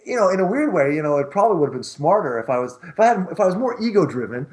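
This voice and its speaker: A man's voice: high-pitched, very animated, fast, hardly any pauses, a little mellow. A man who hosts an internet radio talk show, chatting casually as the guest in a rambling, self-deprecating way and laughing often.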